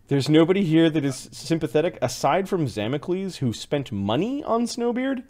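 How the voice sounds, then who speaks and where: A male game master narrates a tabletop game with a slightly high, very lively voice. He speaks animatedly, often breaking into laughter. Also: a little slow, pauses often.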